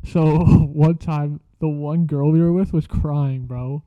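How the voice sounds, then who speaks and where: A man's voice: a little high, steady tone, takes it slowly, dry recording. A young man casually telling a story from school, slangy and profane, laughing as he goes. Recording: dull lo-fi sound.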